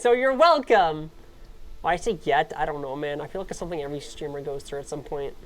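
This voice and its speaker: A woman VTuber streamer in casual live-stream chat, playful and giggly, swinging between squeaky highs and mumbled lows. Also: expressive, normal speed, pauses often.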